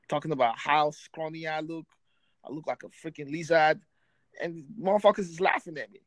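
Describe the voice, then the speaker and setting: A man hosting a podcast, telling a story casually in streetwise slang, animated, raising his voice for quoted friends. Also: fairly high pitch, no echo, rough recording. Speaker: podcast host.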